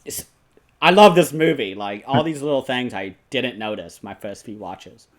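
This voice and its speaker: A man's voice: mid-range voice, moderate pace. Man animatedly retelling movie scenes. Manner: animated retelling, laughs often, many "like" fillers. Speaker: podcast host. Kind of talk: casual film discussion.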